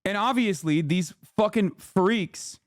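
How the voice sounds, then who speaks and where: A man streaming a heated, profane reaction rant, shouting and mocking as he goes. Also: sits high, takes it slowly, no echo, clean studio sound.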